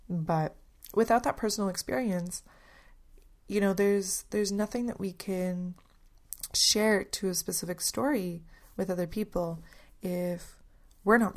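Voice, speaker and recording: A woman hosting a podcast alone, talking in an earnest, thoughtful way and often pausing to search for words. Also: fairly low pitch, gravelly, a little mellow. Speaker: podcast host. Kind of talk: reflective solo podcast talk.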